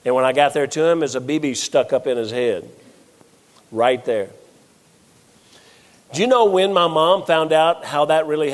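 A middle-aged man preaches a sermon, telling funny family stories and acting out the people he quotes. His voice sits a little high. The sound rings with the long reverb of a large hall. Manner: animated storytelling, acts out quoted voices.

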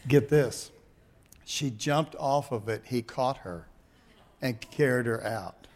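An older man, a pastor, telling folksy family stories in a sermon, animated and laughing at his own jokes. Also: medium pitch, slow, slight background noise. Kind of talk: sermon storytelling.

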